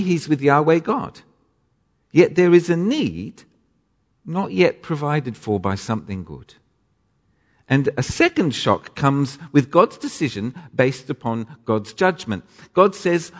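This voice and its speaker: Expressive preacher in a reverberant church. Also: male voice, fairly high pitch. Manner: expressive, dramatic emphasis with self-corrections. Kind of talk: sermon.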